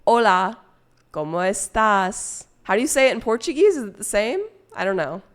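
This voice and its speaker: A woman's voice: mid-range voice, animated, normal speed. Chatty, swearing woman streamer. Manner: swearing, chatty, rambling with fillers. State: drunk and stoned. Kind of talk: casual chat with viewers.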